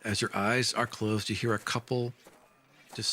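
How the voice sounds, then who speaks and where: A man narrating a tabletop game as game master, relaxed and descriptive, with frequent fillers. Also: on the low side, moderate pace, slight background noise.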